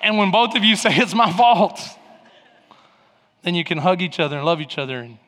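A man preaching a sermon, telling stories animatedly with bursts of shouting. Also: high voice, expressive, very fast, in a large hall. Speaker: pastor.

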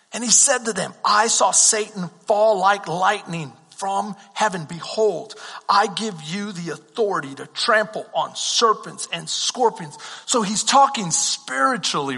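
A Texan pastor preaches in a conversational way, firing questions at his congregation and answering them himself. His voice sits high and has a slightly husky edge. It rings with the long reverb of a church sanctuary. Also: bright, forceful tone. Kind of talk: sermon.

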